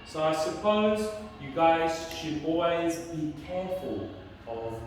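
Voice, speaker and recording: A woman teacher telling a children's story slowly, stopping often to quiz the child. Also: low voice, a little hiss or hum. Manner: slow, lively, quizzing the child often. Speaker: English teacher. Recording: echoey room from far off.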